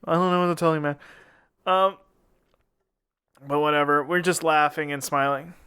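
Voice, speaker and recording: A man's voice: on the high side, steady tone, normal speed, pushed and bright, smooth. A man co-hosting a podcast in casual chat, laid-back, trailing off and chuckling. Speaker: podcast co-host.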